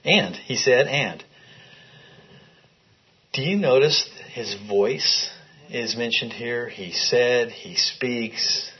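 A man leads a Bible study very slowly in a mid-range voice with a breathy edge, leaving long pauses as he reads scripture aloud and poses questions to a small group in the room. It is interactive teaching, heard through a dull lo-fi recording.

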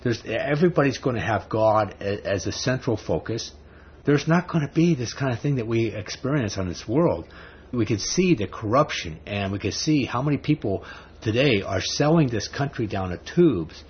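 A man's voice: medium pitch, animated, normal speed. A man preaching a sermon in a conversational way, building to emphatic rhetorical questions. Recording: dull lo-fi recording with faint background noise.

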